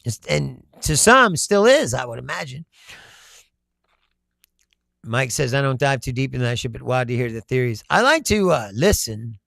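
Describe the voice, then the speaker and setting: A man's voice: mid-range voice, very animated, moderate pace, vocal fry, a bit bright, dry recording, clean studio sound. An American man hosting a casual political livestream, reading chat comments aloud, swearing freely and laughing often. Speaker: livestream host.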